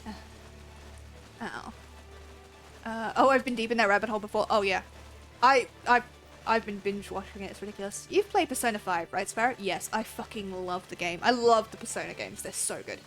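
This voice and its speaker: A woman's voice: medium pitch, expressive, brisk, a bit bright, faint music behind, low-quality recording. A woman with an Australian accent, chatting casually and ramblingly on a game livestream and swearing freely. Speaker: game streamer.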